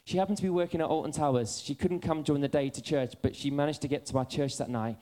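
Man, church preacher, mellow voice, joking self-mocking sermon. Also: fairly high pitch, fast talker. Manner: humorous, self-deprecating storytelling.

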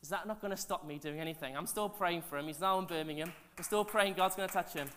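A man, a pastor telling stories in a sermon, animated and chatty with asides to the congregation, his voice swinging from loud to hushed. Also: sits high, fast talker, clean tone. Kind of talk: sermon storytelling.

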